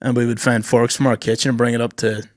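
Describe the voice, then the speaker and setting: A man's voice: mid-range voice, flat delivery, fast, darkish tone, no room sound, clean studio sound. A young Welsh man co-hosting a podcast, chatting casually and crudely with lots of swearing. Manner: crude, joking, swears a lot. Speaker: podcast co-host. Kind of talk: casual chat.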